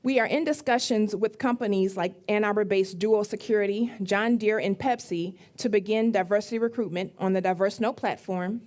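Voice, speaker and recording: A woman giving a measured, formal startup pitch at a demo day. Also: darkish tone.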